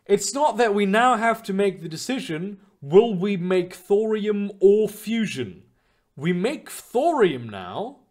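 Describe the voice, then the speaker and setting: Rambling, lively young man streamer. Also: sits high. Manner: rambling, profane, with many fillers and restarts. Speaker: streamer answering chat. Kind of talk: casual livestream chat.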